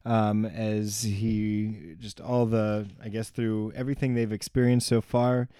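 A man's voice: on the low side, little pitch movement, a little slow, warm tone, clean tone, no echo, studio quality. A man co-hosting a casual Bible study chat, thinking aloud in a tentative way. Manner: thinks aloud, tentative, says "I'm assuming". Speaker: podcast co-host.

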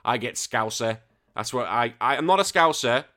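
An English man with a northern accent from near Liverpool hosts a casual podcast, reading out listener questions. He swears freely and jokes through animated rants, at a middling pitch. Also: normal speed. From England. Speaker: podcast host.

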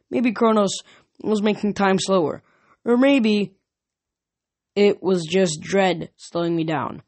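A reader narrating a novel chapter aloud in steady first-person storytelling. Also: mid-range voice. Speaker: audiobook reader. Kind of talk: fan audiobook narration.

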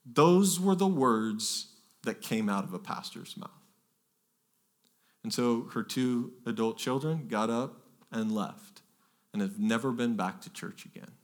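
A man's voice: medium pitch, animated, measured pace. A pastor preaching a sermon, earnest and emphatic, often repeating words and pushing his voice up to stress key phrases.

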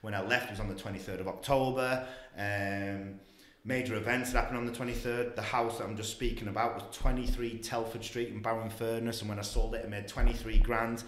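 A man, a guest telling a rambling, animated story in casual talk. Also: lowish voice, fairly quick, roomy sound.

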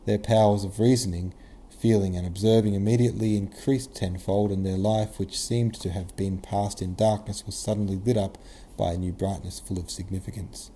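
Male narrator, classic novel audiobook, measured, very dark mellow voice, lowish pitch. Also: fairly even intonation, breathy edge.

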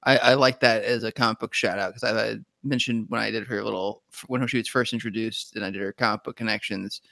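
A man's voice: on the low side, steady tone, quick pace, gravelly, pushed and bright, no room sound, studio quality. A man co-hosting a podcast, adding comic-book trivia in a hesitant way and correcting himself as he talks. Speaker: podcast co-host. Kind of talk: casual chat.

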